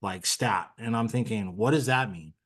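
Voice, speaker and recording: A man's voice: on the low side, moderate pace, fairly bright tone. A man speaking as an interview guest, telling his story in an earnest, conversational way with plenty of fillers. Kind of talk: candid personal story.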